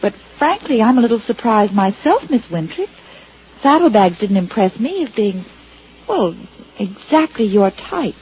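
A teasing sharp-witted young woman. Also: a little high, sing-song, moderate pace, a little hiss or hum. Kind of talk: 1950s radio drama acting. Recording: dull lo-fi old radio recording.

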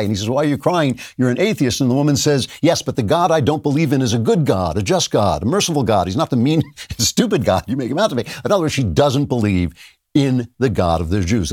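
A middle-aged man delivers a podcast monologue in an emphatic, lecturing manner. His pitch swings widely as he drives his points home, with a chuckle here and there. The recording is dry and close, with no room sound. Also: a little mellow, dry recording. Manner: emphatic, lecturing, laughs at times. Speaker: podcast host. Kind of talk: opinion monologue.

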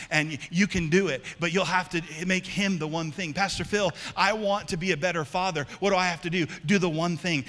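A man pastor preaches with a high, strikingly bright voice, emphatic and repetitive, pressing his points home and calling on the congregation to answer back. Each phrase rings out into a long church-hall reverb. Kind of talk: sermon. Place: church sanctuary.

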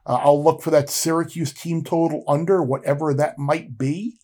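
Mellow-voiced man chatting football picks. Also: a little high, moderate pace. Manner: relaxed, rambling, frequent restarts. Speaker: podcast co-host. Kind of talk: casual sports podcast chat.

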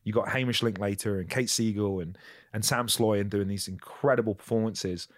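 A man's voice: fairly low pitch, steady tone, normal speed, no room sound, clean studio sound. Candid, swearing man telling stories. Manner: candid, profane, self-mocking storytelling. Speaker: actor guest. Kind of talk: casual podcast chat.

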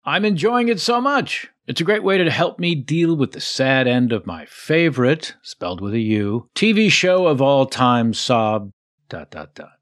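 A man hosting a casual podcast, reading listener mail aloud. His delivery is playful and self-mocking, with jokey asides. His pitch swings in a lively, animated way. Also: unhurried. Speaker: podcast host and actor.

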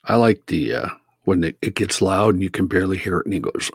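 Low, husky man in a dry studio. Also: fairly quick, dry recording. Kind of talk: casual studio banter.

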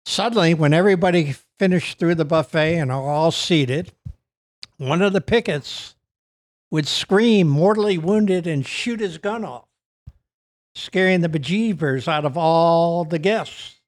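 An older man with a Virginian accent spins a long, rambling anecdote, stopping often on fillers and restarts. His voice sits a little on the high side, and the pace wanders. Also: measured pace. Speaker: guest trial lawyer. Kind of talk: storytelling on a podcast.

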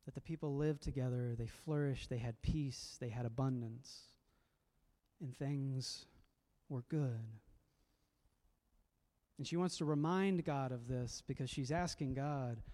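A man's voice: mid-range voice, measured pace, dark tone. A man preaching a sermon as a pastor, reflective and conversational, often repeating words as he goes.

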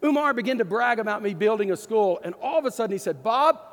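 A man from East Texas with an East Texas accent, a pastor telling a story in a folksy, animated sermon. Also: high voice, quick pace, big-room sound. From East Texas, USA.

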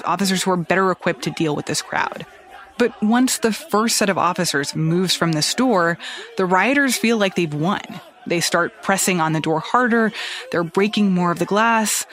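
A man with a notably high voice hosts a news podcast. He tells the story conversationally, explaining each step as he goes. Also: a bit bright. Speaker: podcast host.

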